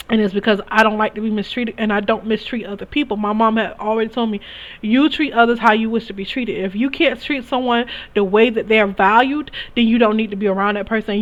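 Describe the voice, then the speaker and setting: A young woman telling her own story in a candid, emphatic way, often restarting her sentences. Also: mid-range voice. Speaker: spiritual reader sharing experiences. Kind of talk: casual personal storytelling. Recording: dull lo-fi recording.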